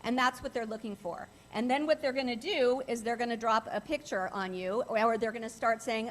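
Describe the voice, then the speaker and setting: A woman's voice: fairly high pitch, animated, fast talker, hardly any pauses, slight background noise. A middle-aged woman giving an earnest, emphatic talk to a club as a guest speaker on cybercrime, often repeating phrases for stress.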